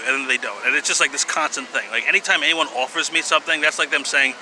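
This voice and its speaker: A man's voice: fairly high pitch, fast, sharp tone, low-quality recording. A man talking casually to camera in a rambling, hesitant way, full of fillers, sighs and wry little laughs. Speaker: vlogger. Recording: outdoor street noise behind.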